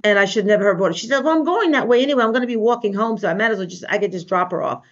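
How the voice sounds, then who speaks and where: A woman, a life coach, telling an animated story in a casual interview and acting out the voices of the people she quotes. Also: medium pitch, racing. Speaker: guest, life coach and trainer. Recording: dull lo-fi recording.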